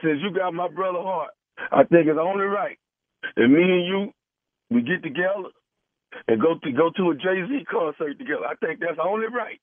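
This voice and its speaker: A man's voice: a little high, animated, normal speed, dry recording. A man making a radio prank call, earnestly pressing the callee while posing as a grieving brother. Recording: tinny phone line.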